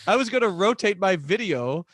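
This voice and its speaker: A man's voice: high-pitched, animated, moderate pace, a bit bright, dry recording. A man from Texas co-hosting a casual theology chat over a video call, explaining and teasing his partner. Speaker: co-host and pastor.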